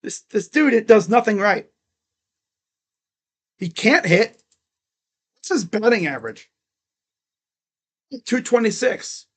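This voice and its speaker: A man's voice: sits high, animated, slow pace, long pauses. A man vlogging as a sports fan, ranting in an exasperated, mocking way with swearing. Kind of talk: casual sports rant.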